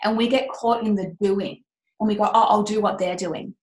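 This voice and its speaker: A woman's voice: medium pitch, steady tone, normal speed, reverberant. A woman co-hosting a casual podcast, talking about business and mindset in an impassioned, emphatic and candid way, with the odd swear word.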